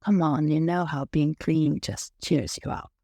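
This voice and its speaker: A man voicing a heavy, awkward fifty-year-old son who speaks softly and coaxingly, with a very gravelly voice. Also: a little high, fairly even intonation, measured pace, no room sound. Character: heavy awkward middle-aged man, gentle.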